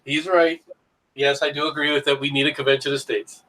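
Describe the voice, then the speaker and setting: A man's voice: fairly high pitch, level tone, a little fast, pushed and bright. A man in casual banter as a co-host on a livestream, sarcastic and joking, often slipping into bits.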